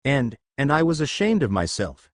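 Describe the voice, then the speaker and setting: A man voicing a remorseful young woman with a thirst for blood, confessing haltingly in his own reading voice. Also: medium pitch, very animated, no echo, studio quality, natural voice. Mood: ashamed.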